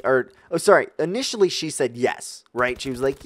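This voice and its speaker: A man's voice: medium pitch, moderate pace, few pauses. Rambling young man telling a story. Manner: rambling, filler-heavy, animated storytelling. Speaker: vlogger. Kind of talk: casual storytime vlog.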